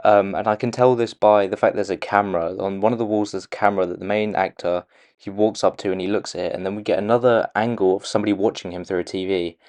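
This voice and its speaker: A man casually breaking down a movie trailer for his channel, pausing often with "um"s and restarting his sentences. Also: fairly low pitch, steady tone, darkish tone. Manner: hesitant, many "um"s and restarts. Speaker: video creator analysing a movie trailer. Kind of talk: casual commentary.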